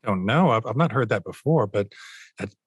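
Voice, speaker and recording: A man's voice: lowish voice, lively intonation, a little fast, husky, dry recording. A middle-aged man as a guest on a casual podcast interview, speaking in an easygoing, hedging way with light laughs. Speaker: guest voice actor.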